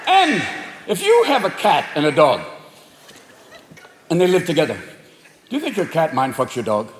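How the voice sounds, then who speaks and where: A man doing stand-up comedy, animated and profane, acting out voices before a live audience. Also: fairly high pitch, normal speed, background noise. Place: large venue with audience. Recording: echoey live venue, loud crowd laughter.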